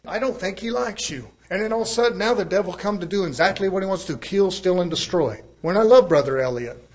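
Folksy preacher, surging delivery. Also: male voice, high voice, quick pace. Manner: folksy, rising and falling in volume, preaching cadence. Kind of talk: sermon.

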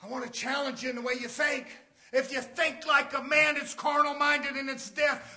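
Shouting preacher man, high and bright. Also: little pitch movement, normal speed. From United States. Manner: impassioned, shouting, drops to quiet asides. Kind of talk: shouted sermon.

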